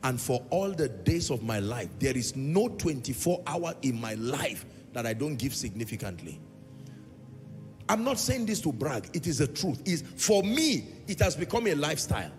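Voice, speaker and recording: A man's voice: mid-range voice, sing-song, normal speed, soft background music. A man preaching a sermon in a large church hall, pressing his point with repeated phrases and sometimes half-singing his lines. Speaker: pastor.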